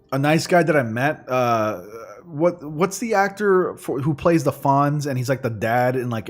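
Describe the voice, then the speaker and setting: A man hosting a gaming livestream, chatting casually in a rambling way, full of fillers. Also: medium pitch. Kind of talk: casual chat while streaming. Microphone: studio condenser microphone.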